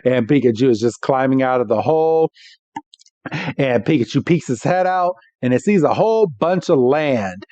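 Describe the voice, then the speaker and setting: A man co-hosting a podcast, recapping a cartoon episode in an animated, laughing way. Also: medium pitch, moderate pace, dry recording, highs cut off. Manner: animated, laughs between lines. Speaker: podcast co-host.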